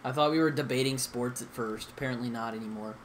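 A man's voice: mid-range voice, fast talker, a little hiss or hum. A young man hosting a gaming session, chatting casually with friends in a rambling, hesitant way full of fillers and restarts. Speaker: gaming channel host.

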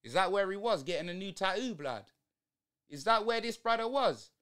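A man's voice: sits high, animated, moderate pace, a bit bright, clear, resonant tone. Exasperated young man ranting. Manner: exasperated, slangy ranting at the match. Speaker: watch-along streamer. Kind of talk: live football watch-along commentary.

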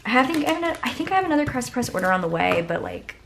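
A woman's voice: high voice, rapid-fire, gravelly, slight background noise. A young woman vlogging a haul in a casual, gushing way, her voice worn out. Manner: gushing, excitable, lots of "like" and "obsessed".

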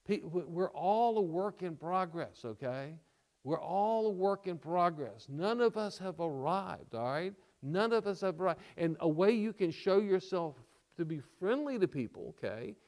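A man's voice: high-pitched, a little mellow. A male pastor preaching a sermon, repeating key lines for emphasis and checking in with the congregation with "okay?" and "all right?".

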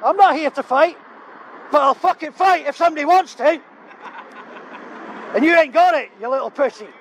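A man's voice: very high voice, moderate pace, fairly bright tone, low-quality recording. A man filming outdoors by a car park on a handheld camera, swearing and taunting in a heated argument. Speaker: filmer in a street confrontation.

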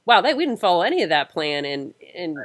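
A woman in her mid-thirties co-hosting a podcast, speaking in a halting, casual way full of "you know.". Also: on the low side, big pitch swings, fairly bright tone. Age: 30s. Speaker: podcast co-host. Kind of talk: casual interview chat.

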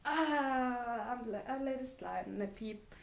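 A woman's voice: medium pitch, moderate pace, vocal fry, a little mellow. Giggly rambling teenage girl vlogging. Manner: giggly, rambling, self-mocking. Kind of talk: rambling casual vlog. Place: at home.

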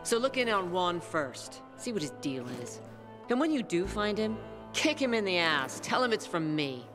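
A woman's voice: medium pitch, sing-song, moderate pace, music in the background, close to an everyday voice. An actress playing a blunt, irritated woman who hands out orders. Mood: brusque. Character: brusque woman giving a mission.

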